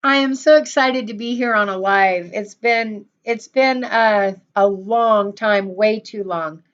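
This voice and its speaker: A woman's voice: medium pitch, slow pace. Woman, middle-aged, livestream host, effusive, repeats herself, muffled lo-fi audio. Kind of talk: casual livestream chat greeting viewers.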